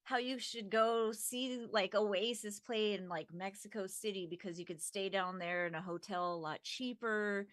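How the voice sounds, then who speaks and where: A woman's voice: medium pitch, steady tone, fairly bright tone, no echo, studio quality. Woman co-host chiming in casually. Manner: quick agreeing interjections. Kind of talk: casual live-stream chat.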